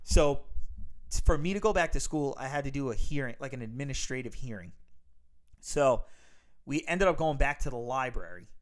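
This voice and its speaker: A man's voice: medium pitch, animated, moderate pace. A young man with a Long Island accent, co-hosting a podcast and telling rambling, profane stories full of fillers. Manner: rambling, swears a lot, many fillers. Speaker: podcast co-host. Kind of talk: casual storytelling chat. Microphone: home studio mic.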